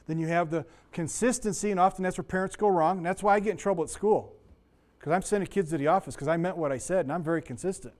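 Fast and a little mellow, this middle-aged man's high voice carries a conversational Bible lesson. He digresses often with stories and side remarks, though his voice sounds slightly sore.

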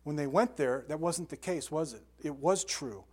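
An older man giving a sermon as pastor, telling lively stories with sound effects and asides. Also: fairly high pitch, normal speed, breathy edge.

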